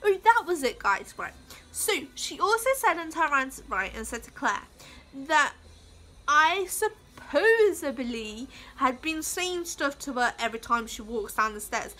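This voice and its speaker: A woman's voice: sits high, very animated, measured pace, pushed and bright. A woman vlogging in a casual, heated rant, rambling with lots of swearing and fillers. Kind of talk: casual ranting vlog.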